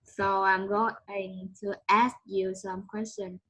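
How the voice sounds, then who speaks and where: A woman studying English online, answering in hesitant, halting sentences. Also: medium pitch, level tone, very noisy. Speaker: English student. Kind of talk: online one-on-one lesson. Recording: dull lo-fi call audio.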